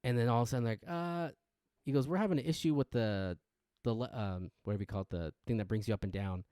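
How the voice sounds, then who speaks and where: A man co-hosting a casual podcast, an animated storyteller who acts out quotes. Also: medium pitch, quick pace, clear, resonant tone, dry recording, clean studio sound. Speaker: podcast co-host. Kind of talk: casual chat.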